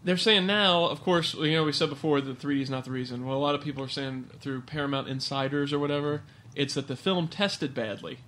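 A man's voice: a little high, fairly quick, hardly any pauses, fairly bright tone. A man co-hosting a casual podcast, joking and rambling, snacking on air. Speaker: podcast co-host. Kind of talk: casual chat.

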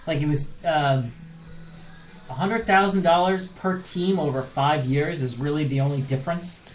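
A man's voice: a little high, normal speed, soft background music, low-quality recording. A man co-hosting a podcast, chatting casually with a joking, sarcastic edge. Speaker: podcast co-host. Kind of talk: casual chat. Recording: clear background noise.

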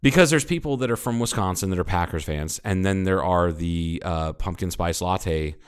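A man's voice: low-pitched, moderate pace, clear, resonant tone. A man co-hosting a casual podcast, telling stories with lots of swearing and acting out what people said, a little tipsy. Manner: profane, animated storyteller who acts out quotes. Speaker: podcast co-host. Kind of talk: casual chat.

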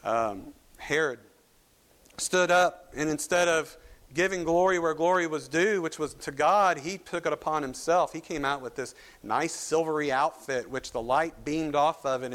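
A pastor with a Kentucky accent delivers a sermon. His voice sits fairly high for a man, and he preaches with animated, emphatic rises.

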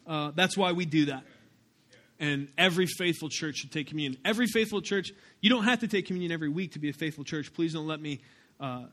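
Male pastor, high-pitched and bright, chatty animated sermon delivery. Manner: conversational, animated preaching with asides to the congregation.

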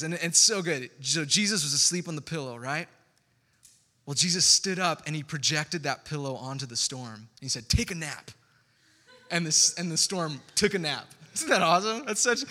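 A man preaching a sermon as pastor, in a conversational, animated way with asides to the congregation. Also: fairly high pitch, big-room sound.

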